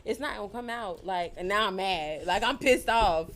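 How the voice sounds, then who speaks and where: A woman's voice: mid-range voice, normal speed, a bit bright, slight background noise. A young adult woman speaking as a podcast guest in casual chat, candid and emphatic, with plenty of profanity.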